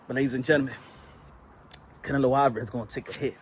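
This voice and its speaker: A man hosting a casual boxing commentary vlog, animated, slangy and joking. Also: mid-range voice, very fast, long pauses, a little hiss or hum.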